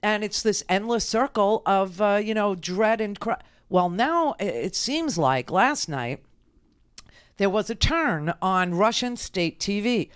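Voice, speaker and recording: A woman's voice: medium pitch, lively intonation, slow pace, clear, resonant tone, dry recording, studio quality. A woman hosting political talk radio, brash and emphatic with rambling asides. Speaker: radio talk show host.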